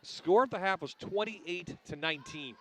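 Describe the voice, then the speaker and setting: A man calling a college basketball game play-by-play, with crisp, clipped calls and light banter with his partner. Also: sits high, lively intonation, moderate pace, bright, forceful tone, slight background noise. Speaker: play-by-play announcer.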